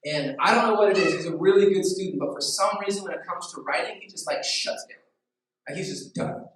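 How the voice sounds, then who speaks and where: A man's voice: sits high, fairly quick, a bit bright. A man in his thirties, a pastor giving a casual, story-driven sermon full of "like". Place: church hall. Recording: echoey hall, mic at a distance, faint music.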